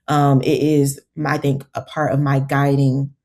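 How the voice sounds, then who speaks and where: Low, gravelly-voiced woman herbalist. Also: a little slow. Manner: animated, acts out her own quotes. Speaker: clinical herbalist, podcast guest. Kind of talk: casual storytelling conversation.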